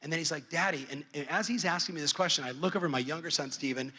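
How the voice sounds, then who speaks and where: A middle-aged man speaking on a conference stage, telling a family story with lively acted-out dialogue. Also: fairly high pitch, racing, breathy edge. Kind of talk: storytelling keynote. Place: large conference hall. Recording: long hall reverb.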